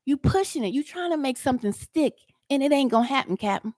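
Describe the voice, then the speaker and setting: A woman's voice: sits high, lively intonation, fast talker, a little mellow, no echo, clean studio sound. A woman doing a reaction video, answering a man confrontationally, drawling and repeating words for emphasis. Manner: confrontational and mocking, talks straight at the person she answers. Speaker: YouTube commentator.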